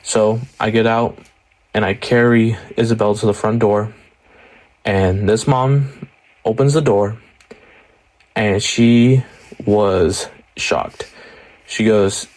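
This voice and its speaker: A man's voice: fairly low pitch, a little mellow. Rambling young man telling a story. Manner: rambling, heavy on fillers like "like" and "you know". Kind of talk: casual storytelling.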